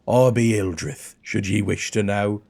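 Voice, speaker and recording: A man voicing a burly, blunt female dwarf warrior in a low, gruff, deliberate tone. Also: darkish tone.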